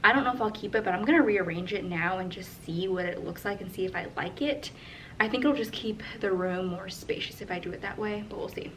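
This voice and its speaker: A woman's voice: mid-range voice, fairly quick, fairly bright tone, slight background noise. Breathless young woman teacher vlogging. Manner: thinks aloud while rearranging, chatty with fillers. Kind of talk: casual vlog narration. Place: empty classroom.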